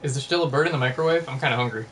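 Quick wry man on a stream. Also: medium pitch, fairly bright tone, a little hiss or hum. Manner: wry, dry joking remarks. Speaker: co-host on a gaming stream. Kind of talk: casual livestream banter.

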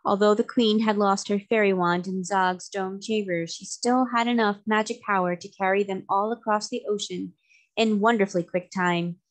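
A woman narrating a children's novel aloud in a steady, even way. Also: medium pitch, normal speed. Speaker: storybook reader.

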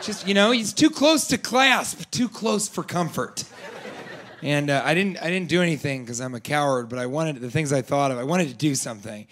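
Guy doing deadpan stand-up, bit high voice, some faint noise. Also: moderate pace. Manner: deadpan, rambling asides. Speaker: stand-up comedian. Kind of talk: stand-up comedy. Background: audience laughter.

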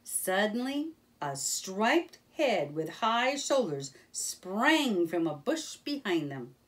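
A woman reading a children's storybook aloud in a gentle, expressive manner. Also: medium pitch, takes it slowly, distant mic.

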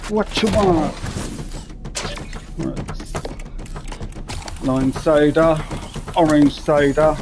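Guy swearing his way through a vr game, highish voice, slow talker, noisy background. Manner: sweary, talks to himself while playing. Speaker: gaming commentator. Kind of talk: casual gameplay commentary. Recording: clear background noise.

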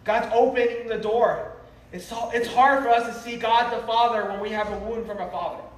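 A man's voice: very high voice, steady tone, normal speed. A man preaching an emotional revival sermon, earnest and pleading, drawing out his phrases tenderly. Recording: roomy, distant live sermon audio with faint noise.

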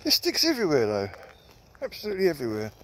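A man chats away on a handheld camera as he walks through the countryside with his dog. His voice sits a bit high and swings widely, often lifting into a sing-song tone when he coaxes the dog. A faint hiss sits behind him. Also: wildly swooping pitch, fast talker, a bit bright. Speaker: vlogger walking his dog. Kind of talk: casual running commentary. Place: outdoors in countryside with old trees.

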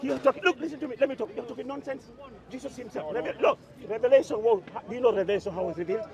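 High voiced guy talking super fast, arguing on a loud street, crowd all around. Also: gravelly. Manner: interrupting, repeating words rapidly. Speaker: street preacher debating hecklers. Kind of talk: heated street debate. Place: busy outdoor street. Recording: outdoor street recording with crowd noise.

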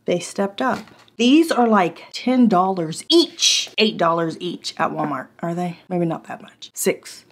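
A woman casually reviewing store finds for her vlog, bubbly and excitable, talking chattily with laughs and gasps. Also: lowish voice, measured pace. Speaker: product review vlogger.

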